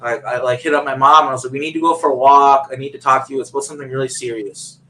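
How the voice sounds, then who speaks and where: A man's voice: medium pitch, steady tone, rapid-fire, bright, forceful tone, low-quality recording. A man on a video call telling a long personal story in a rambling way, full of fillers and restarts. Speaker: guest.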